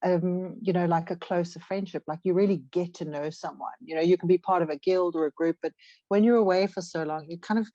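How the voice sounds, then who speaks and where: A woman's voice: lowish voice, steady tone, fairly quick, mellow, dry recording, lo-fi sound. A woman co-hosting a podcast, chatting in a loose, rambling way full of fillers. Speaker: podcast co-host. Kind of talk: casual chat.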